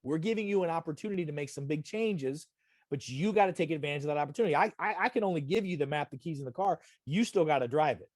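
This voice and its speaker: A man's voice: on the high side, fast, darkish tone, no room sound, clean studio sound. A middle-aged man giving a wellness talk over a video call, emphatic and repetitive, often checking in with "okay?". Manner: emphatic, repetitive, direct address with frequent "okay?". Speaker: wellness presenter. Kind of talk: live online health talk.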